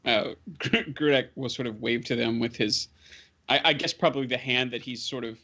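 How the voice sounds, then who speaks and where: A man's voice: mid-range voice, normal speed, pushed and bright. Man, tabletop player, hesitant, filler words, muffled audio. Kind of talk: tabletop game play. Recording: slightly dull lo-fi audio.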